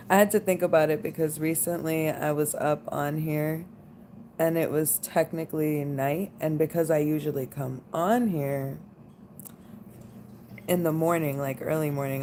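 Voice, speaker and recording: A woman in her late twenties with a drawl talks to her live-stream viewers in a low, unhurried voice. She rambles casually, full of "like" fillers. A faint room hum sits underneath. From United States. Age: 20s. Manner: rambling, relaxed, lots of "like" fillers. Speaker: livestream host.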